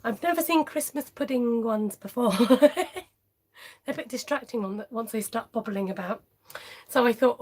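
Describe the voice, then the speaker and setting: A woman's voice: fairly high pitch, animated, a little slow, a little mellow. A woman hosting a live papercraft tutorial in a friendly, chatty way, greeting viewers by name and laughing often.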